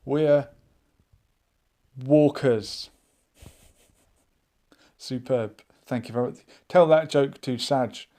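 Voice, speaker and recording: A man hosting a live online chat show, musing out loud and reading viewers' comments aloud in a casual, thinking-aloud way. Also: mid-range voice, moderate pace, hardly any pauses. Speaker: livestream chat host.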